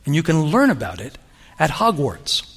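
A man preaching a sermon, telling stories in an animated, humorous way. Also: on the high side, normal speed, a little hiss or hum. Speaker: pastor. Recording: long reverb of a large hall.

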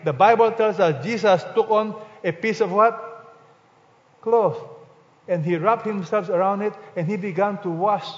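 A man delivers a sermon in a high-pitched voice, pausing often to quiz the congregation. He swings between forceful commands and near-whispered asides. The recording is muffled and carries a long hall reverb. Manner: call-and-response preaching, asks the congregation questions; emphatic, swings between loud and soft. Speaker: pastor. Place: church hall.

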